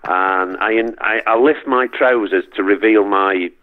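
A middle-aged man from Northern England with a Manchester accent, chatting as an interview guest in a halting way with lots of restarts. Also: fairly low pitch, phone-quality sound. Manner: halting, many restarts and repeats. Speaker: guest, performer. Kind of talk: casual interview chat.

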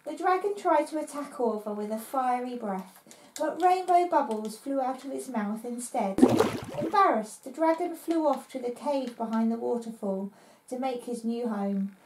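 A woman reads a children's adventure story aloud, steady and plain. Her voice sits high and the recording carries a roomy echo. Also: moderate pace, background noise. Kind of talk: read-aloud story narration.

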